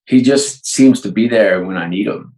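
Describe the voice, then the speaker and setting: A man guesting on a podcast, telling animated stories and acting out both sides of the dialogues. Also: lowish voice, moderate pace, roomy sound, poor audio. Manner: energetic storyteller, acts out both sides of dialogues. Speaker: guest, sports and entertainment executive. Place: home.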